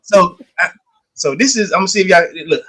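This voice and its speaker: A man co-hosting a casual sports chat, telling an animated story and acting out the dialogue, with casual, slangy speech. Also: sits high, fairly quick, low-quality recording. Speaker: podcast co-host.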